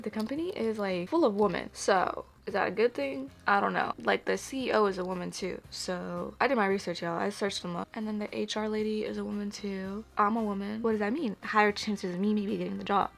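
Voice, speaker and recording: A young woman, chatting casually to camera while doing her makeup, rambling and nervous. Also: medium pitch. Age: 20s. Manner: rambling, filler-heavy, animated and anxious. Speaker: vlogger.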